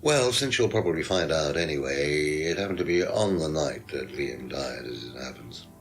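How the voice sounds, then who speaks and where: A condescending teacher caught up in a police inquiry in a live-action game. His voice sits extremely low and rough with fry. He dodges questions with a sneering, superior air. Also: lively intonation, normal speed, soft background music. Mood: evasive. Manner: condescending, evasive. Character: smug middle-aged male teacher under suspicion. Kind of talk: full-motion video game acting.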